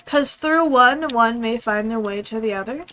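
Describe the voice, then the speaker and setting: A young woman streaming a game, chatting casually in a rambling, fast, apologetic way. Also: on the high side, a bit bright, soft background music, poor audio. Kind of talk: casual gaming stream chat.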